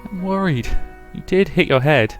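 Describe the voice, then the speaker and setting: A man voicing a gentle, caring young schoolgirl from a visual novel who talks softly and stammers when worried. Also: a little high, expressive, normal speed, soft background music, pitched above the performer's own voice, close to an everyday voice. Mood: fretful. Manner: soft, fretful, stammering.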